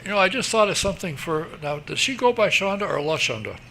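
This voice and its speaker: A man's voice: high voice, animated, fast talker, gravelly, pushed and bright, slight background noise. A man hosting a radio show, chatting with a guest in a teasing, folksy way. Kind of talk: casual interview chat.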